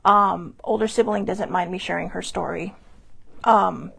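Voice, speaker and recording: Woman, host, gravelly fry, candid and confessional, heartfelt monologue. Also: lowish voice, a little slow, fairly bright tone. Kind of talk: personal mental health monologue.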